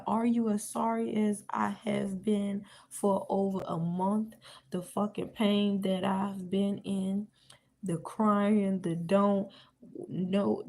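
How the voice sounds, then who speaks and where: A woman's voice: mid-range voice, vocal fry, warm tone. A woman reading aloud the lines of a hurt young woman who confronts her ex indignantly and curses. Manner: indignant, cursing.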